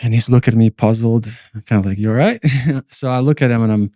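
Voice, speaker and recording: A man's voice: mid-range voice, steady tone, quick pace, warm tone, no echo, studio quality. A man co-hosting a podcast, recounting a personal dream as a testimony in a rambling way, full of fillers and restarts. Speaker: podcast co-host.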